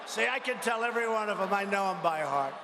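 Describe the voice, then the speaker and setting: A man's voice: high voice, lively intonation, fast talker, noisy background. Older man with a combative rally voice. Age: 70s. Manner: combative, mocking, rambling asides. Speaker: politician addressing a rally. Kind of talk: rally speech. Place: large arena. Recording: echoey arena with long reverb.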